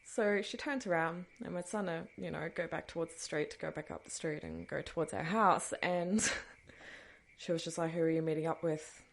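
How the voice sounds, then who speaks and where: Telling a personal story on her podcast, this host keeps things casual and chatty, slipping into nervous laughs and trailing off with dismissive asides. Her voice sits on the low side, creaky, at a moderate pace.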